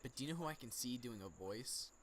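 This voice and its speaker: A man's voice: mid-range voice, lively intonation, fast, a bit bright. Man, co-host, casual chat, hesitant and musing, faint background noise. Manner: thinks aloud, hesitant, trailing off. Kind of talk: casual pop-culture chat.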